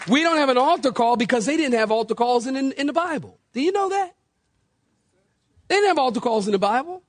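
A male pastor delivers a sermon in a high, animated voice that leaps up and down. He jokes, acts out the people he quotes, and calls for responses from the congregation. The sound is close and dry. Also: no room sound.

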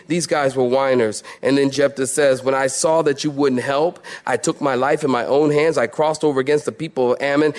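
A man preaching a sermon, animated and joking, acting out voices from the story. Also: medium pitch. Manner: animated, laughs while preaching, acts out quoted voices. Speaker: pastor.

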